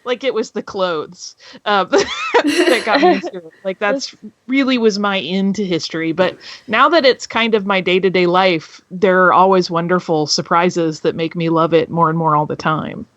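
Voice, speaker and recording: A woman's voice: on the low side, moderate pace, a bit bright, no room sound. A woman in her forties, a podcast guest, chatting in a friendly way and thinking aloud with fillers. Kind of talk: casual interview chat. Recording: dull muffled call audio.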